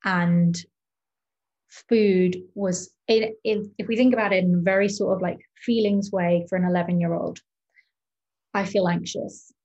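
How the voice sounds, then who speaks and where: A woman's voice: on the low side, steady tone, measured pace, darkish tone, highs cut off. Reflective young woman guest, hesitant. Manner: reflective, hesitant, many ums. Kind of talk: candid personal interview talk.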